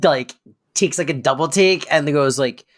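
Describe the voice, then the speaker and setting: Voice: medium pitch, normal speed. A podcast co-host chatting casually and enthusiastically about a sitcom episode. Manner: enthusiastic, with lots of fillers and laughter. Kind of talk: casual chat.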